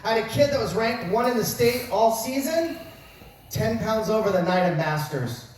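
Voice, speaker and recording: A man in his fifties, a wrestling coach, gives an after-dinner speech full of funny, self-mocking stories, joking as he goes. His voice is high-pitched and a little mellow, with lively intonation at a normal speed. He was recorded from far off in a large, very echoey banquet hall at a dinner event, with faint noise.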